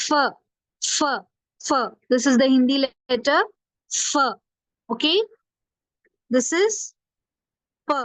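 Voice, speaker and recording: A woman's voice: high voice, fairly bright tone, dry recording. A woman teaching a phonics lesson, patiently repeating letter sounds for young learners. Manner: patient, drills sounds over and over. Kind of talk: phonics lesson, slow repetition.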